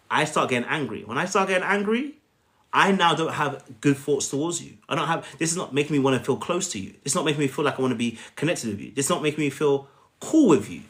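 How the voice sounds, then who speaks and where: A man's voice: mid-range voice, fairly bright tone. A man coaching viewers on a live stream, emphatic, often checking in with "okay?" and addressing them by name. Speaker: life coach. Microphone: phone on a live stream.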